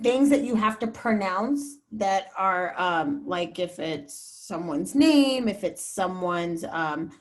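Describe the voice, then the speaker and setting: A woman TV news reporter speaking as a guest, giving candid, chatty advice to students over a video call, with many fillers. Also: mid-range voice. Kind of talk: casual advice talk to students.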